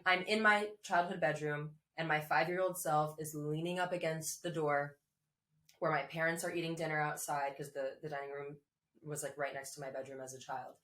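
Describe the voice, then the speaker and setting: A woman's voice: sits low, steady tone, moderate pace, fairly bright tone. A woman guest telling a personal story in a chatty way, full of likes and restarts and frequent laughs. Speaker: podcast guest. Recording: echoey room.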